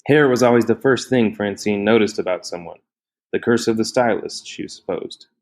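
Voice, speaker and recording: Brief: a man reading fiction aloud, low voice, steady and measured. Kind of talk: novel reading.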